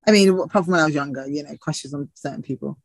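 A woman's voice: low voice, fast, no room sound, poor audio. A woman TV presenter and actor from the UK, chatting in an interview with frequent laughs and restarts. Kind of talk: casual interview chat.

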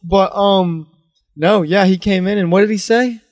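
A young man hosting a podcast, telling rambling, excited stories about youthful trouble and swearing freely. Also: high-pitched, unhurried, no room sound. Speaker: podcast host. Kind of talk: casual storytelling chat.

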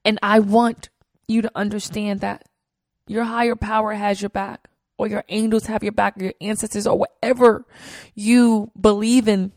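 Earnest woman podcast host, gravelly texture, dry close mic, personal storytelling. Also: medium pitch, little pitch movement, normal speed, a little mellow, no room sound. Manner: earnest, heartfelt, with fillers and repeats.

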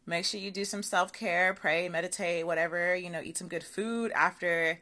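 A woman's voice: lowish voice, moderate pace. A young adult woman hosting her own podcast, talking casually and swearing freely, with lots of "okay" and "y'all". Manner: chatty, animated, swears freely, says okay and y'all a lot. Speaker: podcast host. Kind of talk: casual solo podcast monologue.

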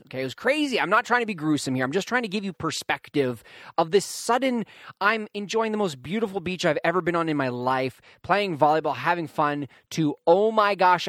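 A young man telling a personal story in a casual monologue, animated and emphatic, often addressing his listeners directly. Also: a little high, dry recording.

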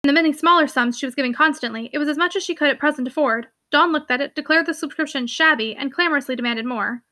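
A woman's voice: high-pitched, fast talker, pushed and bright, no echo, studio quality. A young woman reading a classic novel aloud, then chatting eagerly about the chapters with plenty of fillers. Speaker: audiobook reader and book commentator.

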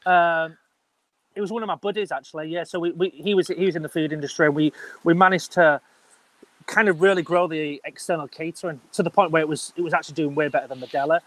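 A man's voice: a little high, fast talker, no room sound. A man in his thirties or forties, a business owner, telling his story casually in an interview and acting out the dialogue with slang. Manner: animated, acts out quoted dialogue with slang.

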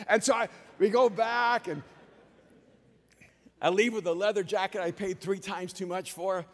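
High-voiced pastor preaching in a hall. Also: male voice, a little slow, long pauses. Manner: storytelling, animated. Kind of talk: sermon with personal stories. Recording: long reverb of a large hall.

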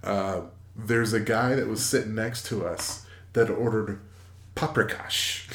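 A man in his forties, a podcast co-host, telling a casual story in a rambling, halting way with many fillers and restarts. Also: fairly low pitch, fairly even intonation. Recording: echoey room.

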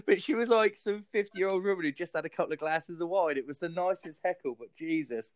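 A podcast host and comedian tells crude stories in casual conversation, acting out what other people said. His voice sits high and he talks briskly, with no room sound in the recording.

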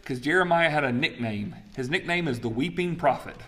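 A man teaching a Bible study class in a lively, chatty way, asking the group questions. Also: a little high, a little fast.

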